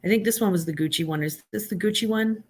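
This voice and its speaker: Woman on a live stream, mid pitch, sassy and blunt, lots of um and sarcasm. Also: fast, a little mellow. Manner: sassy, blunt and sarcastic, with frequent fillers and restarts. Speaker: fashion commentator hosting a live stream. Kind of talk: casual opinionated live chat.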